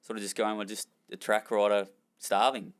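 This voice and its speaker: A man's voice: on the low side, level tone, moderate pace. A young Australian man, a former jockey, telling rambling, self-deprecating stories in an interview. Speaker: former jockey and trainer, guest. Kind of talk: candid storytelling in a podcast interview.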